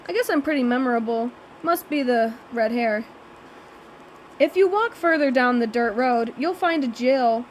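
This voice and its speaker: Woman narrator, high voice, wry and sarcastic, first-person audiobook reading. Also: a little hiss or hum, rough recording.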